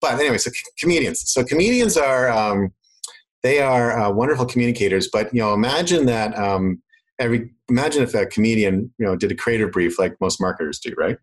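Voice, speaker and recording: Husky man with a faded Canadian accent. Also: medium pitch, brisk, poor audio. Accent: Canadian, mostly faded. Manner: animated, acts out quoted voices in his explanations. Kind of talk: casual business chat.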